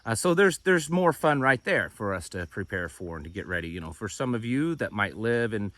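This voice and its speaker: A man's voice: fairly low pitch, very animated, fairly quick, a bit bright. A man hosting a homesteading channel, giving casual news commentary in a conversational, skeptical way with frequent restarts. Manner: conversational, repeats words and restarts, skeptical asides.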